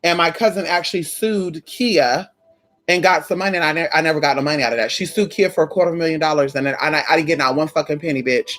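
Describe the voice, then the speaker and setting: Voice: mid-range voice, quick pace, a bit bright. A spiritual content creator in casual, profane chat, telling stories straight to viewers with frequent "girl", "honey" and "y'all".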